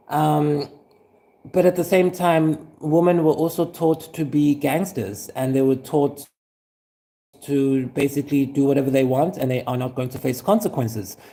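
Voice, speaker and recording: An actor playing a suspicious, aggrieved former teacher who rambles with fillers and chuckles. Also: male voice, on the high side, dark tone. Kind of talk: scripted monologue.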